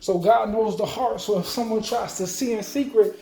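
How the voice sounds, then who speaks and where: Rambling, profane man with a dark voice. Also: high-pitched, vocal fry, slight background noise. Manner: profane, loose, rambling, talks fast then trails off. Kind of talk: rambling monologue rant. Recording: roomy echo.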